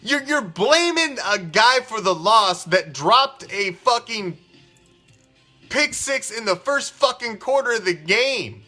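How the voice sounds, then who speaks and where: A man's voice: sits high, expressive, slow, bright, forceful tone, soft background music. A man hosting a fan show, ranting in a heated, profane, rambling way. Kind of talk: casual ranting commentary.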